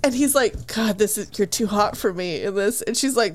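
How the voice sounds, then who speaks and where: A woman's voice: a little high, sing-song, moderate pace. A woman co-hosting a casual book podcast who retells the plot with gusto, acts out the characters' lines and laughs and swears freely. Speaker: podcast co-host. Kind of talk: casual book review chat.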